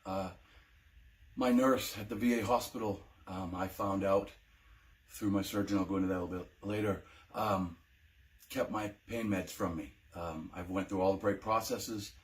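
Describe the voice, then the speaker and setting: A man's voice: low voice, steady tone, normal speed. Emotional, hesitant veteran man. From United States. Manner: emotional, hesitant, many ums and restarts. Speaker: veteran telling his own story. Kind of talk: personal testimony vlog.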